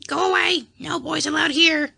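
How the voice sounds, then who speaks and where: An audiobook reader voicing a shrill, squawking, cheeky male parrot in a storybook. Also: normal speed, creaky, bright, forceful tone, exaggerated voice. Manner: screeching, cheeky.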